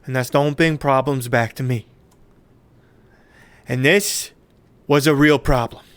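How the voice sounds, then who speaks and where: A man's voice: medium pitch, steady tone, clean tone, natural voice. A man, the game master, playing a volatile male crime boss who talks bluntly, swears, and threatens. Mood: stern. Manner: blunt, menacing, quick to swear.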